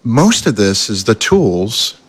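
Low husky guy hosting a chat, easygoing and talkative. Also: sing-song, slow. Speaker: host. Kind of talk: conversational interview.

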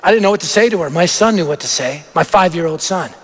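A man preaching a sermon, telling a story with animated, punchy delivery. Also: a little high, quick pace, slight background noise. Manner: animated, anecdotal, punchy lists. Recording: echoey hall.

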